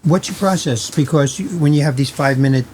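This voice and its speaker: A man's voice: on the high side, fast, darkish tone, slight background noise. A man hosting a podcast interview, making jokey interjections and asking about the guest's process. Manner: jokey interjections, laughs along. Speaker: podcast host. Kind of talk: casual interview chat.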